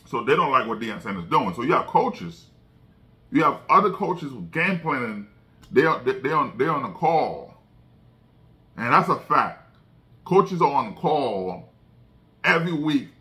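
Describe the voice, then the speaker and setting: A man's voice: mid-range voice, a little slow, pauses often. A man giving casual sports commentary, talking emphatically, stammering and restarting his sentences over and over. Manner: emphatic, animated when quoting others.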